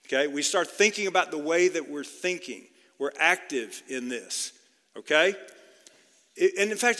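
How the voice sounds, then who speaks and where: A man preaching a sermon in a conversational way, often checking in with his listeners with a quick "okay?". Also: a little high, pushed and bright. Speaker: pastor. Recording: long hall reverb.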